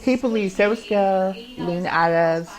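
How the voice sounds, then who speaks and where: A man's voice: sits high, rough recording. Rambling, profane man in a confessional monologue. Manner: rambling and halting, with many restarts and repeats; heavy swearing. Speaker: podcast host.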